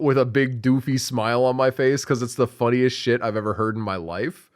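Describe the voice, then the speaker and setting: A man co-hosting a podcast in casual chat, animated and rambling, swearing freely as he tells stories. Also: medium pitch, moderate pace. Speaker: podcast co-host and editor.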